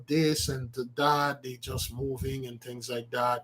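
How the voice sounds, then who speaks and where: A man's voice: medium pitch, fairly even intonation, slow pace, hardly any pauses. A man preaches on a live stream in a mid-range voice. He talks in an emphatic, repetitive way, circling back over his phrases and restarting them as he presses his point. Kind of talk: impassioned livestream sermon.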